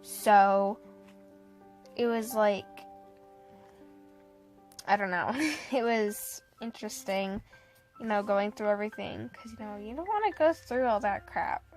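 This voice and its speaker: A woman's voice: mid-range voice, a little slow, pauses often, soft background music. A young woman casually telling a personal story to the camera, laughing often and acting out what people said.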